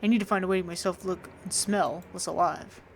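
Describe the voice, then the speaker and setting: A woman hosting a let's play, relaxed, reading the detective's lines aloud in her own plain voice as she plays. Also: on the low side, quick pace, a little hiss or hum. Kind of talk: reading game dialogue aloud while playing.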